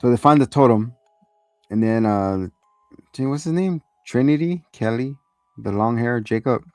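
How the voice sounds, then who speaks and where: A man's voice: medium pitch, moderate pace, a little mellow, no echo, soft background music. A man hosting a show, giving a rambling, profane, casual recap of a TV episode and acting out lines. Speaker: show host reviewing a TV episode.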